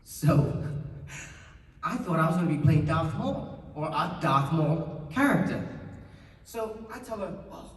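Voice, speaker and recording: A man, telling lively anecdotes as a convention panel guest, laughing often and acting out what people said. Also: on the high side, measured pace, long pauses. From New Zealand. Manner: animated, laughs often, acts out quotes. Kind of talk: storytelling anecdotes to an audience. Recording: roomy hall, distant mic, faint noise.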